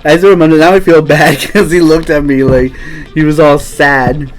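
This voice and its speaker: A playful host on a casual live stream, teasing a co-host and bouncing from one topic to the next. The talk is loose and jokey. Faint music sits quietly behind the voice. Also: medium pitch, fairly even intonation, normal speed, low-quality recording.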